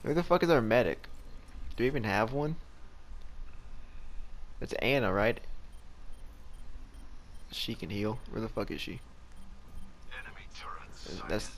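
A man's voice: medium pitch, big pitch swings, takes it slowly, pauses often, a little hiss or hum. A young man giving live gameplay commentary, frustrated and swearing as he rants at the game. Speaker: gameplay streamer.

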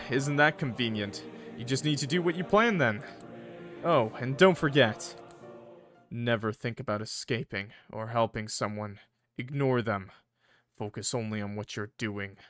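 A man's voice: medium pitch, a bit bright. A man voicing a smug, cocky male guardian angel, reading game dialogue in a playful, sly drawl.

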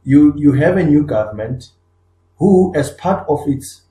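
In an echoey room, a male podcast co-host talks earnestly in conversational discussion, building his points through repeated restarts and emphatic rises. His voice is fairly high, dark in tone, expressive, and measured in pace.

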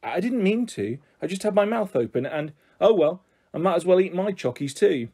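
Man, children's book reading, lively expressive delivery, slightly high mellow voice. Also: normal speed, husky. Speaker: audiobook reader. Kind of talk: reading a children's novel aloud.

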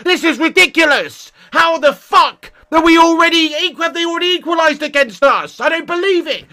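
A man's voice: extremely high pitch, fairly quick, bright, forceful tone. A man ranting and swearing through a live football watchalong, full of exasperated outbursts. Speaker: football fan streamer.

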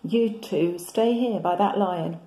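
A woman's voice: fairly low pitch, slow, dark tone, roomy sound, low-quality recording. A woman voicing a tired old grandmother in a storybook read-aloud, drowsy and yawning. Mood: sleepy.

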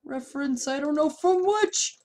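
A young woman commenting on her own gameplay, shouting taunts in bursts and then muttering to herself. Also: sits high, a little slow, a little hiss or hum. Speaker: gameplay YouTuber.

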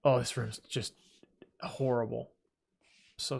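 Gravelly-voiced man chatting through a game. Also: medium pitch, measured pace, pauses often, a little hiss or hum. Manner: chatty, self-deprecating, talks to himself while playing. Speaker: gaming video host. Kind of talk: casual let's-play commentary.

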